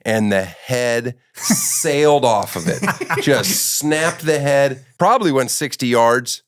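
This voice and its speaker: A man hosting a comedic interview with a deadpan, teasing manner. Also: medium pitch. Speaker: talk show host.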